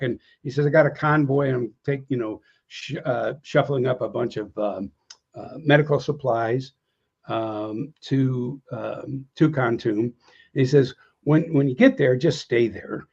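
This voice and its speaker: A veteran interview guest, an older American man, tells war stories at a slightly slow pace in a darkish, breathy voice. He rambles with many fillers and restarts, getting louder and higher-pitched when he reenacts old exchanges. Dull, lo-fi audio.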